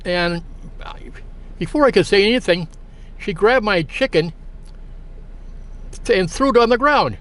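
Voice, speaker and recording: A man telling a long, halting anecdote in a casual, rambling way, full of fillers and restarts. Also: high-pitched, animated, fairly bright tone. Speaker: storyteller.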